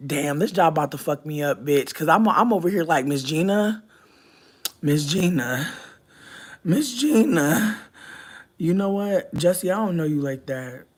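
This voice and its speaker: A young adult livestreamer chatting casually with viewers, telling profane stories with sudden loud, high outbursts and soft, near-whispered asides. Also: fairly quick, few pauses. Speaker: livestreamer reading chat.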